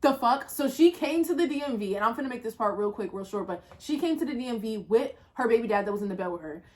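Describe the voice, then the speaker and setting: A woman with a somewhat high voice tells a personal story in a casual vlog. Her delivery is slangy and full of swearing. She sinks into low asides and then flares into loud exclamations. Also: fast talker. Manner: animated, profane, swings from low muttering to loud exclaiming. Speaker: storyteller vlogger.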